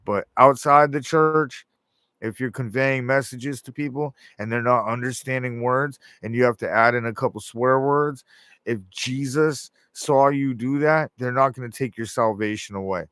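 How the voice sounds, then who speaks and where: Man, rambling monologue, profane, acts out quoted voices, medium pitch, dry close sound. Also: normal speed, a bit bright, clean tone, no room sound. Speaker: show host.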